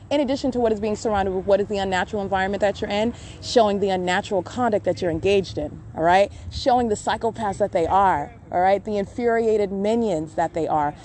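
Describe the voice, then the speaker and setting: A woman's voice: mid-range voice, dark tone, a little hiss or hum. A woman recording a walking monologue on her phone outdoors, insistent and accusatory, repeating phrases with many uh and um fillers. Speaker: podcast host documenting her surroundings. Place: outdoors around a city hall and library.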